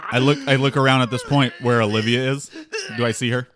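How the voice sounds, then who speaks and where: A man's voice: mid-range voice, fairly even intonation, fast talker, a crowd in the background. A man plays in a tabletop game, thinking aloud with frequent ums and restarts. His voice sits in the middle range. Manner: hesitant, filler-heavy. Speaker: player. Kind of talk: casual tabletop play.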